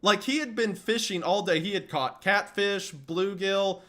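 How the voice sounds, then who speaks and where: A man casually telling a family story, animated and laughing often, acting out quoted lines loudly. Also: high voice, a little slow. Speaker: streamer.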